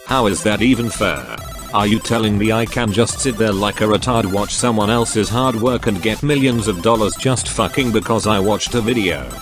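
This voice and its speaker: Male YouTuber, mocking reaction commentary, crude and foul-mouthed, lowish voice, music bed underneath. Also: moderate pace. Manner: crude, sarcastic ranting with heavy swearing. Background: background music.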